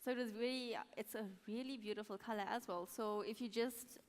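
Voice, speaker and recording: A woman's voice: a little high, fairly even intonation, fairly quick. A young woman chef being interviewed onstage, explaining her dish in a casual, slightly self-conscious way. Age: young adult. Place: large expo hall. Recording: reverberant expo hall.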